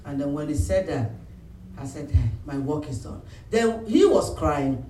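A pastor preaches with a fairly high voice, playing out his members' lines as he goes. The sound is roomy, picked up from a distance in a church hall with faint background noise. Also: a little slow. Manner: animated preaching, acts out phone calls and voices of church members. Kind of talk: sermon.

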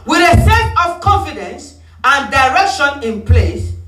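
High-voiced, bright preacher in an echoey hall. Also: male voice, big pitch swings, a little slow, far from the mic. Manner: emphatic, repetitive, call-and-response. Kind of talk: sermon.

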